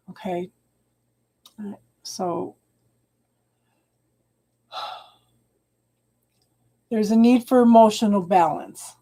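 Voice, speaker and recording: Warm-voiced woman giving a live tarot reading. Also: mid-range voice, fairly even intonation. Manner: halting and repetitive, restarting phrases and calling viewers hun. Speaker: tarot reader. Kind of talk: live-stream tarot reading, talking to viewers.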